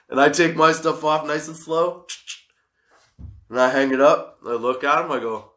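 A man's voice: a little high, unhurried, fairly bright tone. A man in his thirties telling a workplace story as a casual monologue, swearing freely and laughing often.

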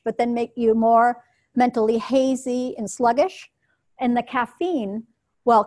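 A woman presents to a live audience, her voice sitting a little on the high side. She explains things clearly and at a measured pace. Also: darkish tone. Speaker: workshop presenter.

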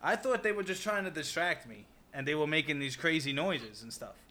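A man's voice: fairly high pitch, animated, fairly quick, pushed and bright. A man, a podcast guest telling a story about himself in casual chat, laughing as he goes. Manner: laughing, self-mocking storyteller.

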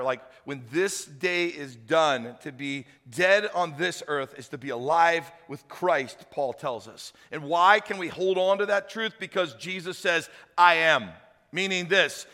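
A man preaching a sermon as pastor, telling the story with acted voices, loud shouted peaks and hushed appeals. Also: high voice, big-room sound. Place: church hall.

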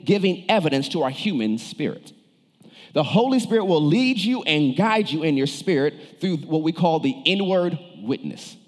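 Preaching with a high but darkish voice, this pastor addresses his congregation amid a long reverb tail. He varies his emphasis and calls on the listeners with questions and prompts.

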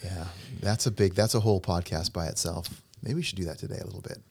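A man's voice: low voice, steady tone, quick pace, vocal fry, darkish tone, husky. A middle-aged man co-hosting a casual podcast, a chatty, jokey storyteller who rambles. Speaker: podcast co-host and pianist. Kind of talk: casual chat.

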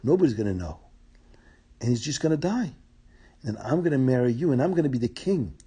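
A man voicing a scheming, power-hungry viceroy who talks fast and pushy. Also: medium pitch, expressive, warm tone, slightly rough.

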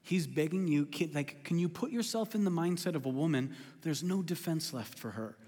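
A male pastor with a drawl delivers a lively, joking sermon, often at his own expense. His voice sits high for a man, and a long hall reverb trails every phrase through the sanctuary. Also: moderate pace. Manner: animated, joking, self-deprecating. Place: church sanctuary.

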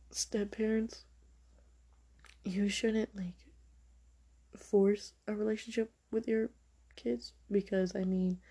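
A woman's voice: medium pitch, vocal fry, dark tone, slightly rough. A young woman hosting a podcast, speaking frankly and opinionatedly in a casual monologue full of fillers. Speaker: podcast host.

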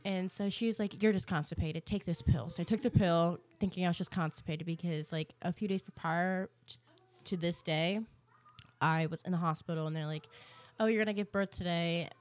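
A woman's voice: fairly low pitch, normal speed. Chatty young woman telling a story. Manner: chatty, animated retelling with many "like"s. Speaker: podcast co-host. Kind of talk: casual storytelling chat.

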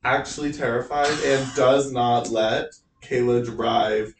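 A man's voice: medium pitch, steady tone, slow, far from the mic, slight background noise. A young man from North Carolina co-hosting a student podcast, teasing his friends in casual chat. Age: young adult. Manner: teasing, joking. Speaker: podcast co-host. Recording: echoey room, off mic.

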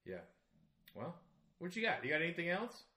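A man's voice: on the high side, huge pitch swings, moderate pace, sharp tone, reverberant. A man with a Southern accent hosting a podcast, chatting casually in a rambling, joking, profane way. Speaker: podcast host.

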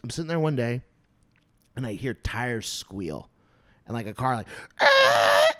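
A young man in casual chat, telling a story in an animated way, swearing and laughing often. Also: medium pitch, normal speed.

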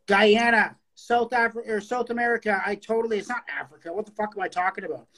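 A man's voice: sits high, fairly even intonation, quick pace, sharp tone, poor audio. A man in his late thirties co-hosting a poetry show in casual chat, rambling with stammered restarts and plenty of swearing. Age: late 30s.

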